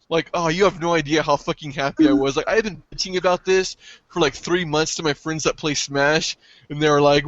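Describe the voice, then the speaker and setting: A man co-hosting a casual gaming podcast, excitable and profane, breaking into yelps when something thrills him. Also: fairly high pitch, normal speed, dry recording, highs cut off. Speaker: podcast co-host.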